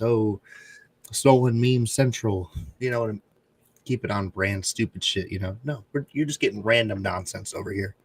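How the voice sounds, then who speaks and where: A man with a fairly low, husky voice jokes around as a podcast guest. His manner is offhand and self-mocking. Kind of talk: casual chat.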